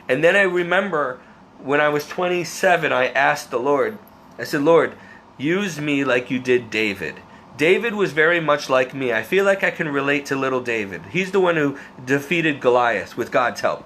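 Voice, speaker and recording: A man's voice: mid-range voice, fairly bright tone, a little hiss or hum. A man vlogging a personal faith testimony, talking earnestly and emotionally, rambling and restarting his sentences. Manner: restarts and repeats words.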